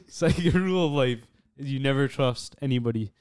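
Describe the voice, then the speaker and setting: A man's voice: medium pitch, normal speed, a little mellow, smooth. A young man co-hosting a podcast, teasing and rambling in loose banter, just over being sick. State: recovering from illness. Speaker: podcast co-host. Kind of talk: casual chat.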